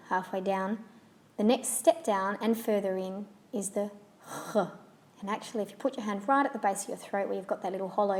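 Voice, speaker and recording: A woman whose first language is English teaches French pronunciation in a clear, steady way. She says each example word carefully and repeats it, walking listeners through each sound step by step. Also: medium pitch. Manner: patient, clear demonstrations with repeated example words. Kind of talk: instructional lesson.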